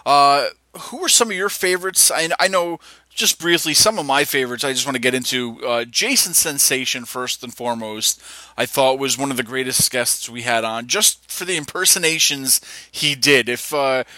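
A man's voice: medium pitch, moderate pace, bright, forceful tone, no echo, rough recording. A man co-hosting a podcast, chatting in an enthusiastic, rambling way. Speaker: podcast co-host. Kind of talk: casual podcast chat.

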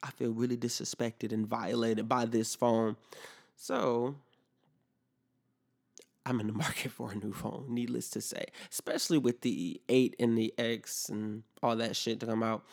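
A man's voice: medium pitch, steady tone, measured pace, darkish tone. A young man hosting a podcast, telling a story in a casual, profane rant and acting out both sides of each conversation. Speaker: podcast host.

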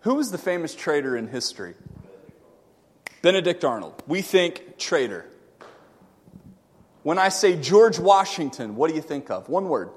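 A male preacher with a high, lively voice delivers a sermon full of sudden shouts and playful asides to his congregation. His words ring out with a long hall reverb, as if from a church sanctuary. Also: unhurried, pauses often, husky. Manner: animated, swings from loud shouting to quiet asides; joking, conversational with congregation.

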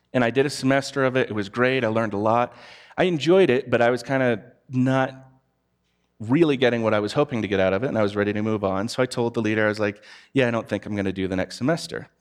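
A man's voice: mid-range voice, fairly quick. A man giving a conversational sermon, telling personal stories candidly. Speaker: preacher.

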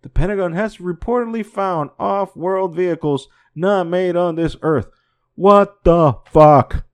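Speaking at normal speed, the male podcast host delivers casual commentary laced with constant profanity. He repeats himself and shifts from quiet muttering to loud, incredulous exclamations.

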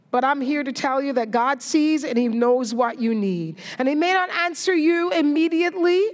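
A woman preacher giving a sermon, telling a story and encouraging her listeners in an earnest way. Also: high voice. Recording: echoey hall reverb.

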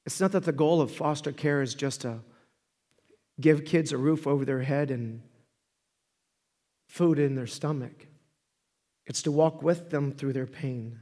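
Male preacher, high voice, animated storyteller swinging loud to hushed; reverberant hall sound. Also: measured pace, pauses often. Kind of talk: sermon.

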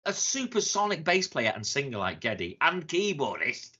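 An excitable man talks in a casual podcast chat, his pitch leaping up and down as he rambles and restarts. His voice has a bright, forward edge. The recording sounds dull and lo-fi. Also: moderate pace. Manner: enthusiastic, swearing, rambling with restarts. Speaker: podcast co-host.

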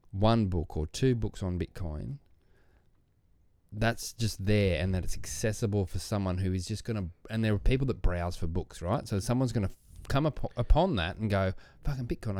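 Male co-host, low and smooth voice, blunt talker who swears freely. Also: no room sound, studio quality. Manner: blunt and animated, swears casually. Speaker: podcast co-host, librarian. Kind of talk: casual chat.

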